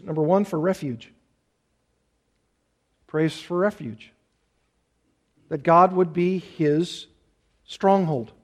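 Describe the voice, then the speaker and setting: A man's voice: high-pitched, a little mellow. A man preaching an earnest expository sermon, repeating key phrases for emphasis. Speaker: pastor.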